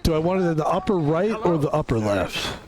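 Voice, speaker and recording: A young man streaming a video game, chatting casually in an excitable, rambling way and laughing often. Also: a little high, fairly quick, poor audio. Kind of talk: casual live-stream chat.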